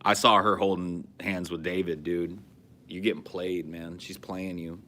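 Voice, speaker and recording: A man's voice: deep voice, level tone, unhurried, sharp tone, slight background noise. A man in his forties from California, hosting a podcast and telling loose, profane stories. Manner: loose, profane storytelling with frequent restarts. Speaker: podcast host. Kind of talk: casual chat.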